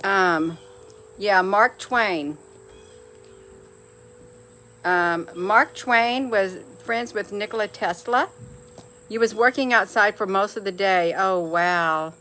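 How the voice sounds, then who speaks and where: A woman's voice: mid-range voice, slow, long pauses, pushed and bright, slight background noise. Middle-aged woman host, folksy and chatty, addresses live viewers as honey, laughs easily. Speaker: livestream host reading viewer comments. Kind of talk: casual live chat.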